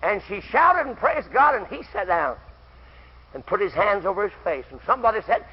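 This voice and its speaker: A high, husky older man preaching at a camp meeting, his pitch leaping and falling as he tells his stories and breaks into fervent shouts. The sound is dull and lo-fi, like an old tape. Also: very animated, brisk. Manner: shouting, fervent, storytelling with quoted voices.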